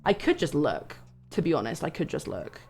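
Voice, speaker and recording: A young woman, telling a story to her stream in a loud, animated way, with swearing and sudden shouts. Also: sits low, normal speed, faint music behind. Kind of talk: casual storytelling chat.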